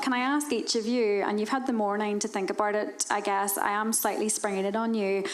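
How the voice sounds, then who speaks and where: Woman moderating a panel, brisk and friendly. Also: mid-range voice. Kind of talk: chairing a panel discussion.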